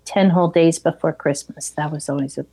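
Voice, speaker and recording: A middle-aged woman in casual chat, calmly retelling a film and sharing memories of the past. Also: low-pitched, brisk, slightly rough.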